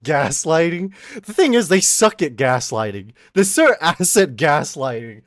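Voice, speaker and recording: A man from Australia, streaming and ranting through a casual story in an animated, profane way. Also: a little high, measured pace, no echo, studio quality. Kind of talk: casual ranting livestream chat.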